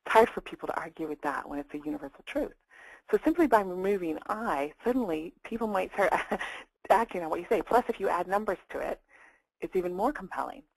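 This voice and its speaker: A woman's voice: on the low side, dry recording, rough recording. A woman career coach giving a plain-spoken, conversational webinar talk.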